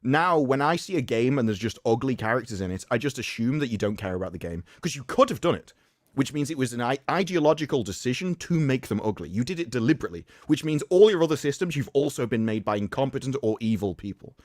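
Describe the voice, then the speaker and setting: A man's voice: medium pitch, very animated, fast talker, no echo, clean studio sound. A man co-hosting a live stream, rambling and opinionated in casual chat. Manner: rambling, opinionated, frequent restarts. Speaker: stream co-host.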